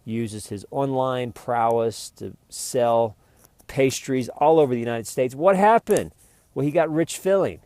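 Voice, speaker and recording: A man's voice: medium pitch, measured pace, dark tone, smooth, no echo. A man hosting his own vlog, talking in a rambling, jokey, meandering way. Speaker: vlogger.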